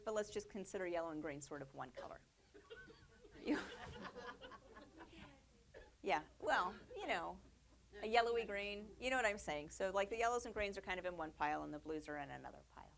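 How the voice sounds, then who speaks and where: Chatty woman teaching a quilting demo. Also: medium pitch. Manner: chatty, upbeat, with fillers and little laughs. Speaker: quilting instructor. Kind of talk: casual demonstration lesson. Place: studio.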